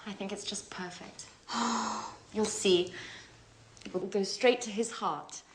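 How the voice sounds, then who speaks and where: An actress playing a curious, teasing friend in a scripted language-course drama. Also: female voice, mid-range voice, steady tone, a little slow, slight background noise, close to an everyday voice.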